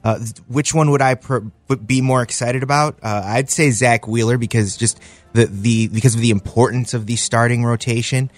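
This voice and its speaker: A man on a sports talk panel, speaking in an upbeat way and pausing to restart his thoughts. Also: mid-range voice, fairly even intonation, no echo.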